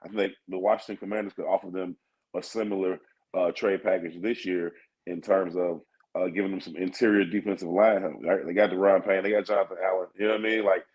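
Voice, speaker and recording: Lower-voiced man breaking down sports. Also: fairly even intonation, fast talker, a little mellow, rough recording. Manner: thinks aloud with fillers, asks "you know what I mean?". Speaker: sports talk co-host or guest. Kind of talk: casual sports analysis.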